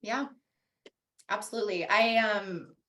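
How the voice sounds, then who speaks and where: A woman speaking as a podcast guest, telling a personal story in a warm, chatty way. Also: mid-range voice, fairly even intonation, unhurried. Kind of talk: casual storytelling.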